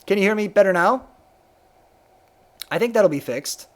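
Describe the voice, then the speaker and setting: A man's voice: high-pitched, animated, normal speed. A man streaming a video game live, chatting casually, reading game text aloud and humming to himself, his voice a little worn.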